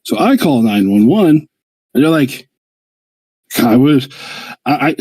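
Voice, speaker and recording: A man's voice: slow pace, breathy edge, no room sound, poor audio. A man, host of a hobby livestream, telling a long story in casual chat and acting out the quotes with big jumps in his voice. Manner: animated, acts out quotes with jumps in pitch.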